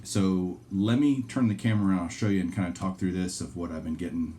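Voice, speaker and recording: A man's voice: sits low, fairly even intonation, quick pace, mellow, slight background noise. A man hosting a card collecting channel, chatting casually to camera and rambling through asides and restarts. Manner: candid and chatty with viewers.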